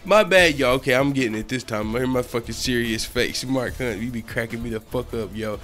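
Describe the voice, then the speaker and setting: A man's voice: medium pitch, fairly quick, hardly any pauses, faint music behind. A man hosting a casual MMA news channel, cursing a lot and laughing often as he talks. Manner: profane, laughs often, excitable. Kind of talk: casual commentary vlog.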